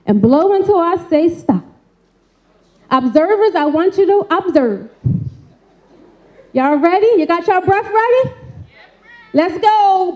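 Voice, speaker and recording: A woman with a very high, animated, mellow voice gives a live talk on mental health from an event stage, speaking slowly with long pauses over a rough recording. She uses colloquial, folksy phrasing and coaxes the crowd through casual call-and-response, often tagging lines with "right?"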